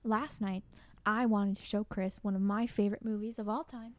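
A woman co-hosting a casual podcast chat with her boyfriend, arguing her points quickly and firmly. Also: medium pitch, steady tone, dry recording. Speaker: podcast co-host.

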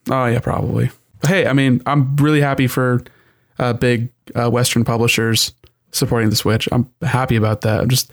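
A man co-hosting a casual gaming podcast, talking in a relaxed, rambling way full of "like" and "I mean". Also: medium pitch. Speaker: podcast co-host.

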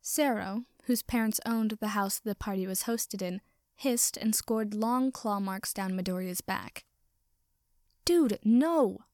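A woman's voice: medium pitch, steady tone, a little slow, a little mellow, no room sound. Woman reading a story in a dry room. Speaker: reader. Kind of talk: fan fiction reading.

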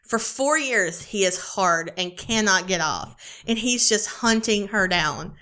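Woman podcast co-host, bright tone, enthusiastic and profane book pitch. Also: takes it slowly. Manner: excited, gushing, swears freely. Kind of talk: casual chat about romance books.

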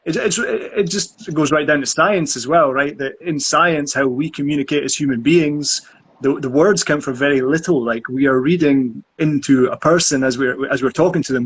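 A man's voice: medium pitch, a bit bright, breathy edge. A man in casual conversation who talks earnestly about acting and often repeats words while he thinks.

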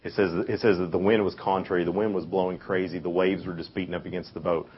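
A man's voice: sits low, flat delivery, fast talker, a little hiss or hum. A young man giving a youth sermon in a casual, conversational way, full of fillers and restarts. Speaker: youth speaker. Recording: dull lo-fi recording.

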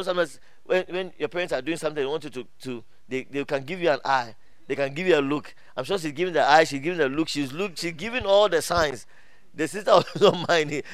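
High-voiced animated male pastor preaching. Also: dry recording. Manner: animated preaching with call-outs to the congregation; laughs often, many restarts and fillers. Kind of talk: sermon.

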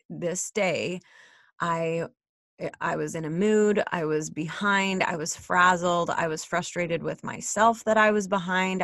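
Chatty low-voiced woman telling a story. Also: fairly bright tone, dry recording, studio quality. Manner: chatty and candid, with frequent "like" and "right?". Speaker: mother sharing a personal story. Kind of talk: candid personal storytelling.

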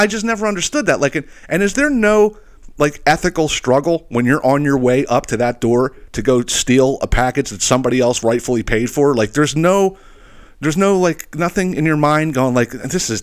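A man hosting a podcast, telling a story as a profane, exasperated solo rant and checking in with listeners with a constant "okay?". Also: a little high. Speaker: podcast host.

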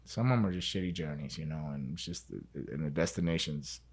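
A man's voice: rumbling low, a little fast, breathy edge. A man telling a story as an interview guest, in a casual, rambling way, repeating words and swearing freely.

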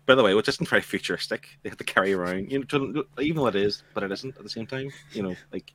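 A man's voice: fairly low pitch, fast, fairly bright tone. A man on a book club podcast, chatting casually and often restarting his sentences.

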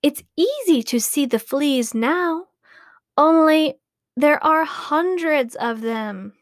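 A woman voicing a troop of eager little monkeys in a storybook reading, squeaky and excited. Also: takes it slowly, no room sound, clean studio sound. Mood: amazed. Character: six eager little monkeys, chattering together.

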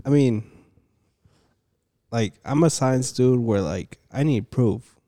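A young man in casual chat, relaxed, mixing Spanish into his English while he argues his point. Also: medium pitch, slow, dry recording, studio quality.

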